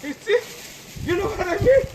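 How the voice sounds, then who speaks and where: A man vlogging outdoors in the snow, playful and laughing, often shouting and repeating himself. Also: very high voice, lively intonation, moderate pace. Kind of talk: excited outdoor vlog. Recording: loud outdoor noise. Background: loud noise.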